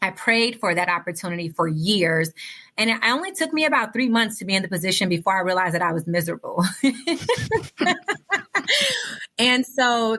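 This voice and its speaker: Female interview guest: bright, tense voice, animated, heartfelt, talks to listeners directly. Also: medium pitch. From United States. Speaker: podcast guest. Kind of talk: casual interview storytelling.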